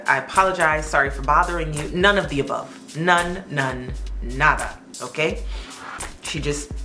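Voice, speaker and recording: Low-voiced lady telling a story, chatty, jokey asides, faint music behind. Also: reverberant. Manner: chatty, with joking asides to listeners. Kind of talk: casual storytelling.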